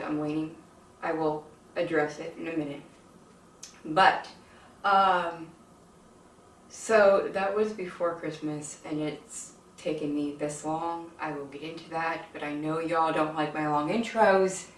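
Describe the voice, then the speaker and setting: Low-voiced woman rambling to her viewers. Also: steady tone, unhurried, slight background noise. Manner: rambling, filler-heavy and emotional, addresses viewers as "you guys". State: short of breath. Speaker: home cooking channel host. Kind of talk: chatty cooking vlog. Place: home kitchen. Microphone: camera on a tripod. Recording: echoey room, mic at a distance.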